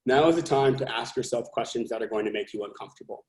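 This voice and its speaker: A man's voice: medium pitch, quick pace. A man from California, a company founder being interviewed, talking earnestly and emphatically and thinking aloud with restarts. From California, USA. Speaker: company founder and CEO, guest. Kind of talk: podcast interview. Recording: roomy echo.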